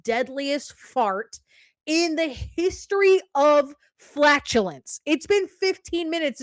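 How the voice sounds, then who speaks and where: Young female podcast host with a fairly high voice, animated and profane, recorded dry and close. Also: no room sound. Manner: animated, profane, rhetorical "okay?" asides. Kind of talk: casual storytelling.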